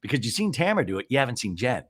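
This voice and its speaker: A man hosting a comedic TV recap podcast, retelling scenes in an animated, gossipy way. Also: mid-range voice, very fast, slightly rough. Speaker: podcast host.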